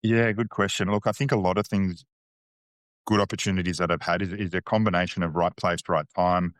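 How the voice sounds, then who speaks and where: A man's voice: low-pitched, fairly even intonation, fairly quick, no echo. A man with an Australian accent, a podcast guest telling candid, slangy stories with frequent restarts. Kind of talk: casual interview chat.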